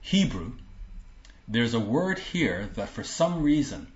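A man's voice: medium pitch, sing-song, slow. A man giving a sermon, reading scripture aloud and explaining it in an earnest, emphatic way, often repeating himself. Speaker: Bible teacher. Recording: roomy, dull lo-fi recording.

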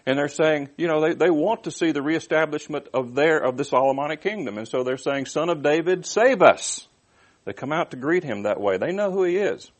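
A man giving an expository sermon, reading verses aloud and then unpacking them. His voice sits in a middle register, and he speaks in a plain, conversational way with frequent restarts and asides to his listeners. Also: medium pitch. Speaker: preacher. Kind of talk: expository Bible teaching.

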